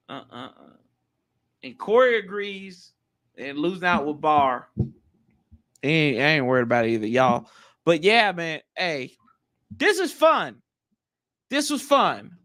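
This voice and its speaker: A man hosting a live stream, chatting casually and reading viewer comments in a slangy, animated way. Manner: animated, slangy, jumps pitch often. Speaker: livestream host.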